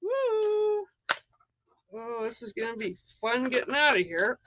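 A woman artist unboxing her new card deck in a vlog, gushing with excitement, repeating herself and letting out squeals and whoops. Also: on the high side, brisk, dry recording, lo-fi sound.

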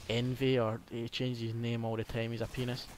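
A man's voice: medium pitch, completely flat delivery, brisk, a little hiss or hum. A young man with a Scottish accent giving casual, rambling gameplay commentary, full of ums and hesitations. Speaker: gaming commentator.

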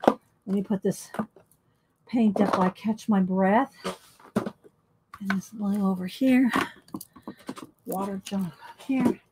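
A woman's voice: mid-range voice, steady tone, takes it slowly, long pauses, background noise. A woman hosting an art channel, chatting casually and rambling as she shows her books. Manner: rambling, chatty, thinks aloud. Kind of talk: casual chat showing books.

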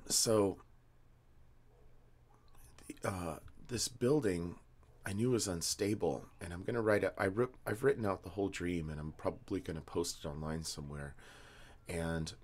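A man in his fifties, just woken up and a bit medicated, rambling through a story with many ums and slightly slurred words. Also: low voice. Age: 50s. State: groggy and medicated, just woke up. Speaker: vlogger. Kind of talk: rambling casual monologue.

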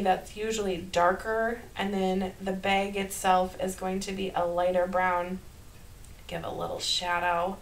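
A woman's voice: medium pitch, low-quality recording. Minnesota lady chatting thru a card making tutorial, upbeat, kinda giggly, faint hiss behind. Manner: chatty and upbeat, laughs softly at herself. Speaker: card-making channel host. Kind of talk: casual craft tutorial voice-over.

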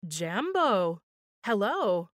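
A woman doing a gentle, lilting older lady. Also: medium pitch, big pitch swings, very slow, no echo, clean studio sound. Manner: gentle, musical lilt. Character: kindly older woman newly moved, gentle and warm.

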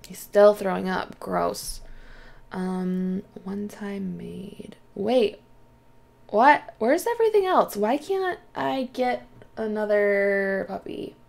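A woman's voice: medium pitch, fairly even intonation, extremely slow, creaky, a little mellow. A woman hosting a let's play, chatting casually through her gameplay, often exclaiming and talking to the characters on screen.

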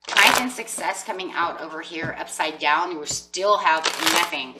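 A woman's voice: low voice, normal speed, distant mic, heavy background noise. A woman giving a chatty tarot reading, acting out what people might say. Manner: chatty, acts out quoted voices with emphasis. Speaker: tarot reader.

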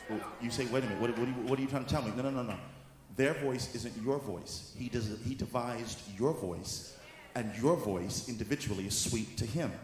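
A male apostle preaching a sermon, moving from soft teaching into shouted exhortation. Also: mid-range voice. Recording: echoey hall with faint room noise.

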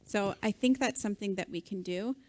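A woman's voice: medium pitch, fairly quick. A woman co-presenting a conference keynote, upbeat and encouraging, bantering with her partner. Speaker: keynote co-speaker. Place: conference stage.

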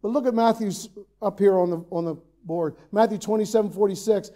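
Preaching a sermon in a church sanctuary, this Irishman speaks a little fast with few pauses, his voice high and mellow. His delivery swells into loud, forceful high points and then falls back to soft, sincere remarks.

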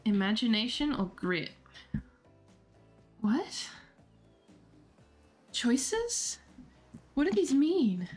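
A woman's voice: a little high, sing-song, extremely slow, long pauses, darkish tone, soft background music. Playful woman streamer reading a game aloud. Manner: playful and giggly, reacts to chat.

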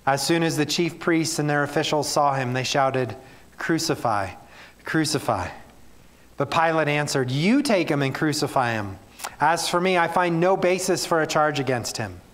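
A male pastor with a slightly high, somewhat bright voice delivers a sermon at a normal speed and in an animated way. He reads scripture aloud, then speaks plainly and earnestly to his congregation.

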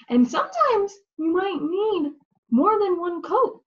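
A North American woman teaches English to young learners at a very slow, deliberate pace, her high voice swooping up and down. She praises every answer and draws each word out clearly. The recording is dull and lo-fi. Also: very animated. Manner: encouraging, drawn-out words with lots of praise. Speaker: ESL teacher.

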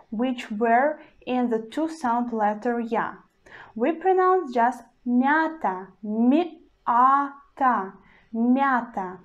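Very slow-speaking woman teaching. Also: fairly high pitch. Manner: slow, deliberate, repeats example words several times; slightly non-native English phrasing. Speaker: language teacher. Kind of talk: slow pronunciation lesson.

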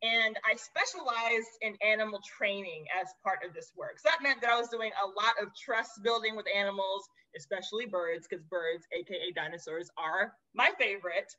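Woman zookeeper guest, bright and expressive storyteller, slightly dull lo-fi audio. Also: medium pitch, moderate pace, hardly any pauses. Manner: lively, expressive, addresses listeners as y'all. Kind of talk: animated storytelling.

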